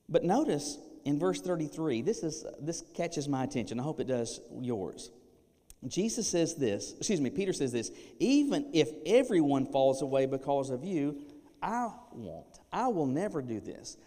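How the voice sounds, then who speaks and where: A man's voice: medium pitch, moderate pace. Preaching man in a reverberant church. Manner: animated preaching with playful acted asides. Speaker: pastor. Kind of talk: sermon. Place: church sanctuary. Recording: long reverb of a church hall.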